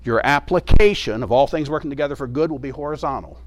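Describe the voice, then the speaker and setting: A man delivering a sermon with earnest emphasis, coming back to his key phrases again and again. His voice sits at an ordinary middle pitch and is recorded dry and close, with no room sound. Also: fast, no echo. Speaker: preacher.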